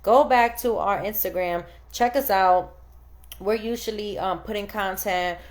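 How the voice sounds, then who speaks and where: Animated woman in her thirties telling stories. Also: mid-range voice, measured pace. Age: 30s. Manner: animated storytelling, acts out quoted dialogue. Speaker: podcast host. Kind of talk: casual chat.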